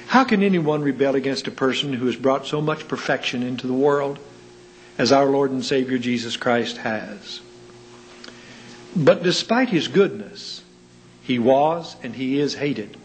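A man's voice: slight background noise, poor audio. A man preaching a sermon, asking rhetorical questions and telling anecdotes with dry humor. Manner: rhetorical questions with wide pitch swings.

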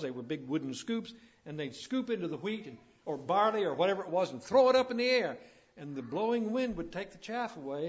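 A man with a fairly high, slightly bright voice preaches a sermon in a folksy, storytelling style that builds to emphatic declarations. The sermon recording is dull and lo-fi.

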